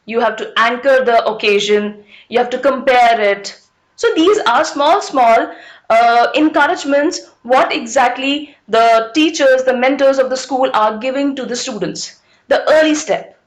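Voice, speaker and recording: A woman leading an online public speaking workshop, emphatic and repetitive, asking the audience rhetorical questions over a video call. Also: high-pitched.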